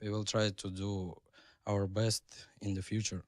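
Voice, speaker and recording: Russian-accented pro player, deep, slow, halting English, dry close mic. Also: male voice, little pitch movement, no echo. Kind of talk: post-match interview.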